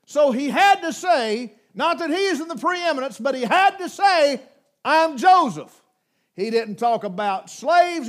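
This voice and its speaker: A man preaching a sermon, retelling scripture with dramatic storytelling that swings from loud bursts to hushed lines, folksy and emphatic. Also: extremely high pitch.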